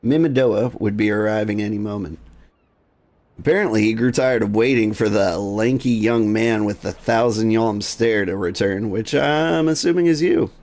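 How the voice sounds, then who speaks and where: A man doing a flustered, genteel gentleman. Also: on the low side.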